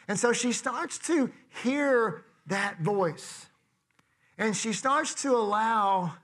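Sitting high, the pastor's voice is bright and forceful. He preaches conversationally, tossing rhetorical questions out to the congregation.

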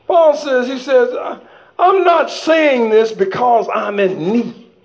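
A man a sermon with shouting, call-and-response delivery. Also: very high voice, slow. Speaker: preacher. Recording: dull lo-fi recording.

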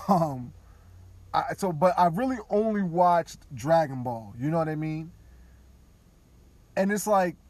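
A man podcasting, talking candidly and casually, now and then dropping into quiet mock voices of others. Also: a little high, lively intonation, slow pace, long pauses, no echo. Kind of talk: casual opinion talk.

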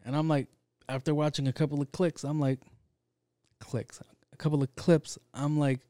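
A man's voice: on the high side, flat delivery, normal speed, pauses often, mellow, no room sound, clean studio sound. A man talking in a loose, rambling monologue, swearing often and leaning on fillers. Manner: profane, rambling, with frequent fillers.

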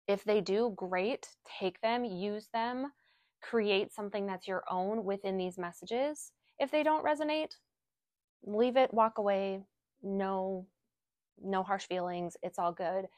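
A woman working as a spiritual guide, leading affirmations and reflection in a gentle, slow way and repeating each phrase. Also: mid-range voice, no room sound.

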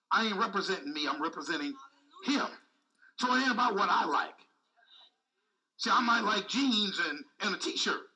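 Man, preacher, lively high voice, bright tone, a bit far from the mic. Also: normal speed, long pauses. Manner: call-and-response preaching, repetitive, emphatic. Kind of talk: sermon.

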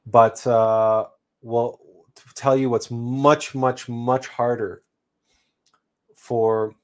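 A man hosting a livestream, telling a personal story in an unhurried, reflective way with frequent restarts. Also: medium pitch, flat delivery, darkish tone. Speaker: livestream host.

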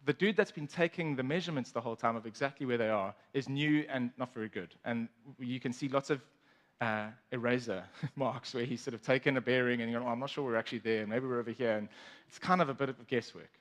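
A man's voice: mid-range voice, brisk, a bit bright. A man casually telling a story, chatty, with asides to his listeners.

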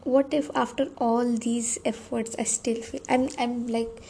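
Rambling young woman podcaster, soft dark tone. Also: on the high side, little pitch movement, a little slow, gravelly, low-quality recording. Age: young adult. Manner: rambling, self-deprecating, with frequent restarts. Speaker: podcast host. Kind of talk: rambling solo podcast monologue. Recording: faint background noise.

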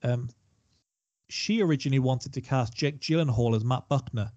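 A man's voice: mid-range voice, normal speed, darkish tone, no echo, muffled recording. A man co-hosting a casual film chat, chatty and digressive, given to self-deprecating asides. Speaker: podcast co-host.

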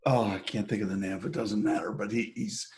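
A middle-aged man co-hosting a podcast in casual chat, playful and quick to laugh, often searching for names. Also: on the low side, fairly even intonation, a little mellow. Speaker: podcast co-host.

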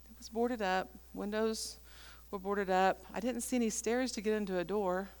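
A woman's voice: medium pitch, normal speed, hardly any pauses, darkish tone. A woman pastor preaching a sermon, telling a story and acting out the dialogue.

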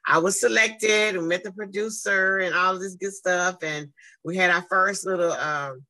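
A woman, telling her story casually in conversation, lively and acting out what people said. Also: moderate pace, poor audio. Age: 50s. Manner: animated, acts out quoted exchanges with big swings in pitch. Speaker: guest speaker and advocate.

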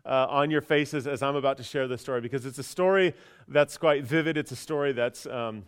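A pastor telling a personal story in a casual, chatty sermon, with many fillers and restarts. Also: male voice, medium pitch, fairly quick, clear, resonant tone.

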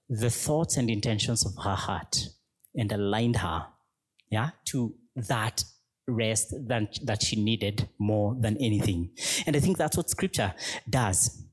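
Speaking at medium pitch, a male pastor delivers a quiet, reflective sermon at a slow pace. His phrasing is short and broken, gradually moving into prayer.

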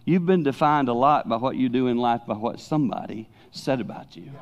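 Older male preacher, mid-pitched, emphatic and then hushed in turns, on a dull lo-fi recording. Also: a little fast. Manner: animated preaching, swinging between loud emphasis and hushed asides. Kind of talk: sermon.

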